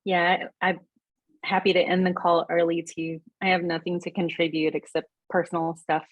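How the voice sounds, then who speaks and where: A woman's voice: lowish voice, level tone, moderate pace, no echo, rough recording. A woman chatting on a video call, hesitant with many fillers. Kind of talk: casual chat.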